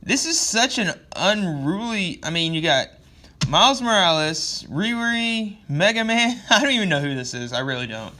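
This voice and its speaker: A man giving a casual, rambling comic book review, sarcastic and quick to swear. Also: high voice, sing-song, bright, forceful tone.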